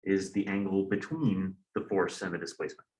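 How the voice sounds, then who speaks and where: A man's voice: sits low, fairly even intonation, a little fast, a little mellow. A male physics professor lecturing a class, candid and joking, with exasperated asides. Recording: roomy classroom echo.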